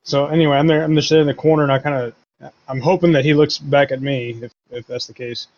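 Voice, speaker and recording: A man playing in a tabletop game, speaking in a hesitant, low-key way and often repeating words. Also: steady tone, fast talker, darkish tone, a little hiss or hum. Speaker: player. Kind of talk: casual tabletop game chat. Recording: dull lo-fi audio.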